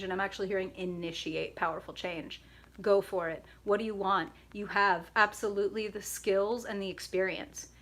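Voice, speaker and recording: A woman's voice: medium pitch, fairly bright tone. A woman hosting a live tarot stream, bubbly and chatty, greeting viewers by name and laughing often.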